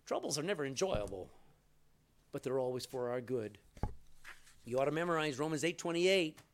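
This middle-aged pastor preaches at a moderate pace in an expressive, mid-range voice. Storytelling carries his sermon, with quotes acted out through changes of voice.

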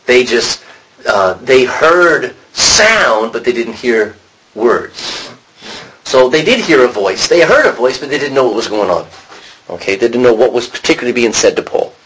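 A man's voice: medium pitch, slight background noise, poor audio. A man teaching an informal Bible study, asking the class questions and acting out the lines he quotes. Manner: animated, acts out quotes, asks the class questions.

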